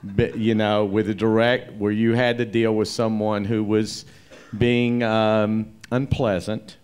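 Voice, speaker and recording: A man hosting a live comedy interview, rambling and animated as he acts out quoted voices. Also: lowish voice, slow pace, smooth. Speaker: interview host, comedy club owner.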